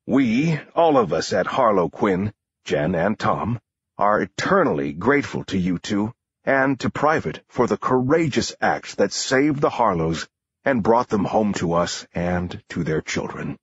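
A man's voice: on the low side, sing-song, measured pace, slightly rough, no room sound, highs cut off, heavily acted. A man voicing a male film producer who sounds overly sincere and oily. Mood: schmoozing. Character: smooth-talking male film producer in schmooze mode.

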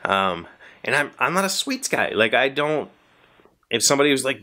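An easygoing man talks casually to his viewers as host of his own vlog, in a voice of ordinary middle pitch. His chat is loose and friendly, and laughter comes easily to him. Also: sing-song, normal speed, bright, forceful tone. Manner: easygoing, chatty, laughs often.

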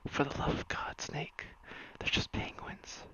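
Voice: measured pace, bright, forceful tone, rough recording. A streamer whispering the lines of an exasperated male commander over the radio, as whispered role-play.

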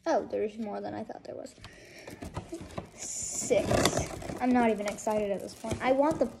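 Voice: medium pitch, unhurried, gravelly. A teenager unboxing an advent calendar in a casual vlog, grumbling and exasperated, rambling asides to viewers. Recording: loud background noise.

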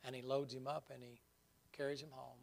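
A man's voice: mid-range voice, little pitch movement, a little fast, creaky, slight background noise. A man preaching a sermon in a folksy, vivid storytelling manner.

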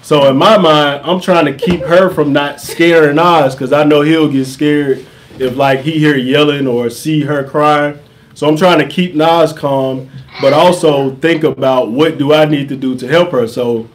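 A young man in casual storytime chat, relaxed and conversational, asking questions. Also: on the high side, moderate pace. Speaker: vlogger, father.

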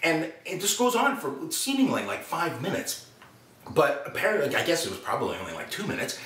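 An actor, telling a personal anecdote in an animated way and acting out quotes. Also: male voice, a little high, a little fast, recorded from a distance. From Canada. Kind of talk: anecdotal storytelling. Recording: roomy room, speaker set back from mic.

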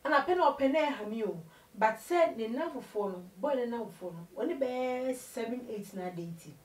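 A woman telling her life story in an interview, an animated storyteller who switches between Twi and English. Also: a little high, normal speed, reverberant, recorded from a distance, low-quality recording. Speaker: interview guest.

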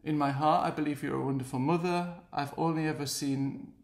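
A man's voice: fairly high pitch, fairly even intonation, brisk, reverberant. An English man with an earnest, heartfelt and pleading manner, speaking straight to the camera in a personal video message.

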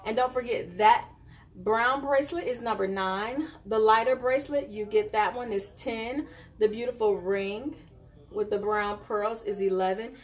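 A woman hosting a live jewelry sale, chatting casually and warmly addressing viewers as y'all and honey. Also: fairly high pitch, measured pace, far from the mic.

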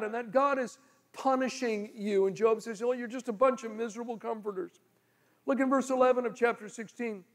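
A male pastor preaching a sermon, telling stories and shifting from loud pleading to low murmurs. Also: brisk. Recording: long hall reverb.

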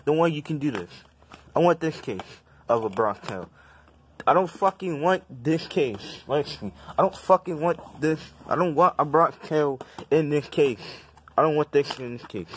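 A man's voice: a little high, lively intonation, normal speed, slightly rough. A young man vlogging to camera, complaining in an agitated, profane, repetitive rant.

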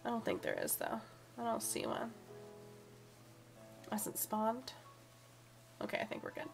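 A young woman streams a video game, giggling and chatting away to the characters on screen in casual let's-play commentary. Her voice is fairly high and gravelly, swooping wildly in pitch at a slightly slow pace. Faint game music plays behind her.

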